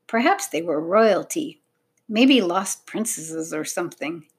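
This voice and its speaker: A woman narrating a children's story in a clear, measured, expressive reading. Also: lowish voice.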